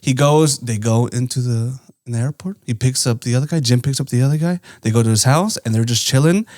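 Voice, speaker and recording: A man at middle pitch tells a story across a podcast table in loose, rambling chat. He swears freely and keeps checking in with his listeners as he goes. The sound is close and dry, with no room around it. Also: a little fast, a little mellow, no echo. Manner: rambling, swears often, tags lines with "right?". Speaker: podcast co-host. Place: indoor podcast studio.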